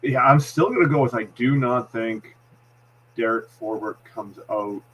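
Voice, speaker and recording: A man's voice: medium pitch, unhurried, fairly bright tone, breathy edge, low-quality recording. A man with a Boston accent, a hockey analyst giving a postgame breakdown, explaining plays step by step with frequent restarts. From Massachusetts.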